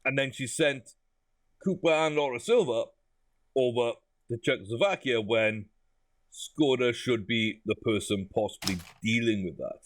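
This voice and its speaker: A man giving a casual first-look commentary on a game, chatty and amused, thinking out loud. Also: medium pitch, a little slow, no echo. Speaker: gaming YouTuber.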